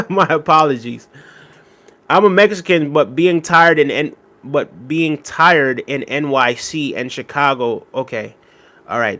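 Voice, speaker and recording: A man hosting a livestream, reading viewer comments aloud with shout-outs and quick apologies, relaxed and repetitive, with many fillers. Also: fairly high pitch. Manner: relaxed, repeats phrases, frequent fillers. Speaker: livestream host. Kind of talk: casual livestream chat.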